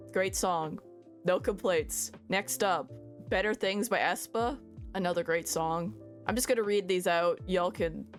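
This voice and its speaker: A woman hosting a casual vlog, chatting through her music stats and stumbling over foreign titles with self-deprecating jokes. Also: fairly low pitch. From Canada. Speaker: VTuber host.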